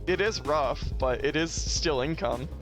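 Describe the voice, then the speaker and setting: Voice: mid-range voice, expressive, measured pace. Streamer, casual gameplay chat, laid-back, joking, trailing sighs, game music behind. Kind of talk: casual gameplay chat, reading dialogue aloud. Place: home streaming setup.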